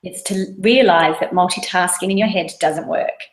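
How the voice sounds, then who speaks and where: A woman's voice: lowish voice, moderate pace. A woman, a mother in her thirties, earnestly explaining mindfulness in a casual webinar talk, using everyday examples. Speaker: mindfulness course guest. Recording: roomy echo.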